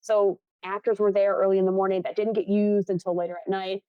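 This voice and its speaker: A woman's voice: mid-range voice, level tone, brisk, clear, resonant tone, dry recording, dull audio. A young woman from Buffalo, New York, a film assistant director, telling a story in a casual interview. She acts out the people she quotes and laughs often.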